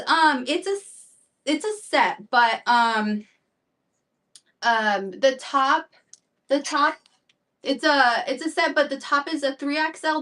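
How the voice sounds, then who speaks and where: A slightly breathless woman runs a live shopping stream, rambling through sizes and prices with lots of fillers. Her voice sits a little high and comes from a bit away from the mic. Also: a bit bright, distant mic. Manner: chatty, rambling, fillers and repeats. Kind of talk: live-stream sales chat.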